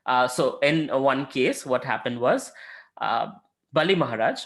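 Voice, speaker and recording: A man's voice: medium pitch, lively intonation, a little slow, a bit bright. A man giving an informal spiritual lesson as a lecturer and mentor, talking conversationally with frequent filler sounds and acted-out quotes.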